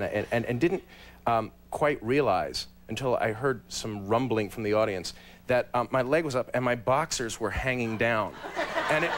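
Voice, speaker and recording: A man's voice: mid-range voice, a bit bright, slight background noise. A man in his thirties, a guest actor telling a self-deprecating story on a talk show.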